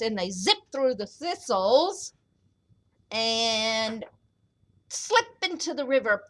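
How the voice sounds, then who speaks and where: A woman librarian reading a picture book aloud to children at storytime, expressive and animated. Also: a little high, takes it slowly.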